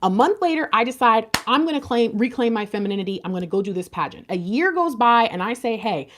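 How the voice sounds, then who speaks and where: Animated woman giving a tarot reading. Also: a little high, fast talker, slight background noise. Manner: animated, confiding, addresses viewers directly. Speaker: tarot reader. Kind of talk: casual spiritual reading talk.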